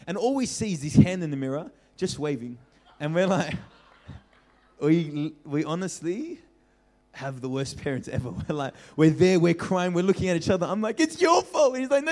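A young man preaching as a pastor, telling a childhood story with lively acted-out voices and frequent laughter. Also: a little high. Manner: animated storyteller, acts out voices, laughs often. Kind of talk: storytelling sermon. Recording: reverberant hall.

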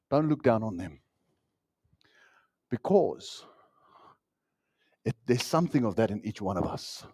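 A male pastor delivering a sermon in a slightly high voice. His pitch leaps and falls freely, and he moves between loud, emphatic lines and soft, almost whispered asides. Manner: animated, swings from loud emphasis to hushed asides.

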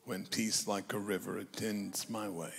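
A man's voice: fairly low pitch, a little slow, creaky. A man in his eighties preaching a sermon, retelling a scripture story and calling on the congregation to respond. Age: 80s. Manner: lively storytelling, acting out quotes and calling on the congregation. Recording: long reverb of a large hall.

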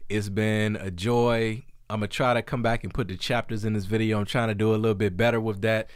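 A man hosting a casual faith talk show, relaxed and affirming. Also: on the low side, brisk, clean tone, no room sound, studio quality. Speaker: host.

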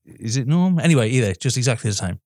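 British male podcast co-host, brisk and animated, dry close sound, cheeky tone. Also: mid-range voice, no echo. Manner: lively, jokey, says mate. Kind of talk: casual film chat.

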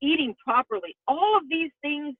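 A middle-aged woman, a former news anchor, telling her own story as a guest in an emphatic, expressive way. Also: high-pitched, moderate pace, dry recording. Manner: emphatic and expressive, voice rising with feeling. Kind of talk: personal storytelling in a podcast interview. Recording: tinny phone-line audio.

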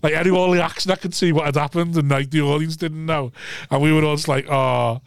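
A man, slightly high in pitch, telling crude stories at a quick clip. His casual podcast chat is recorded dry and close. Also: little pitch movement, clean tone, no echo. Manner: crude, quick anecdotal storytelling. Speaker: comedian.

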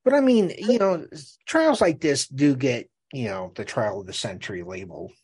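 A man's voice: mid-range voice, lively intonation, moderate pace, a little mellow, slightly rough. A man from the American Midwest co-hosting a podcast, chatting casually and reading aloud, often hesitating and repeating words. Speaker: podcast co-host.

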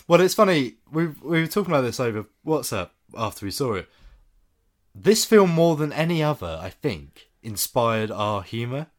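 Chatty man with lively pitch. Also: moderate pace. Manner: chatty, enthusiastic, trailing off low at phrase ends. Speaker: podcast co-host. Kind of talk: casual film chat.

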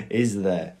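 A man's voice: on the low side, dark tone. A man co-hosting a podcast, chatting in jokey banter and slipping into silly impressions. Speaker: podcast co-host. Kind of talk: casual banter.

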